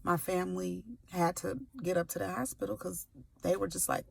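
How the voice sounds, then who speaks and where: A woman in her forties from California, a sickle cell advocate, recounts her own experience on camera before heading to work. Her lowish voice is level and slightly rough with vocal fry, at a normal speed, and her tone is candid and playful, peppered with slang.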